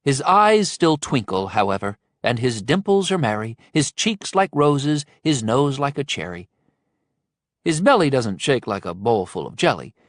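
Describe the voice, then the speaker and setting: A man's voice: medium pitch, no echo, clean studio sound. A man narrating a first-person supernatural thriller audiobook with a wry, dryly humorous manner.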